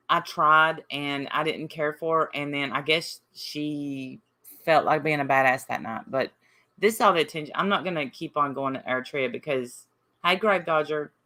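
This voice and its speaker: A woman's voice: deep voice, normal speed, pushed and bright. A woman from Appalachia, hosting a casual livestream and sparring with commenters in her chat. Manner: combative, reading and answering chat comments. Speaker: livestream host.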